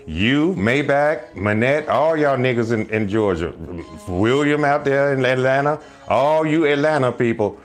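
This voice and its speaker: A man hosting a casual live stream, rambling loudly through jokes and teasing his viewers, often breaking into laughter. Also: mid-range voice, normal speed, faint music behind. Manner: loud joking rambles, bursts of laughter, mock voices.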